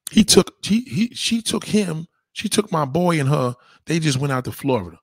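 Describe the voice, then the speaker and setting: A husky man on a heated, swearing rant. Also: on the high side, expressive, normal speed, hardly any pauses, no echo. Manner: heated, emphatic, swings between loud outbursts and muttering. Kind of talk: profane ranting monologue.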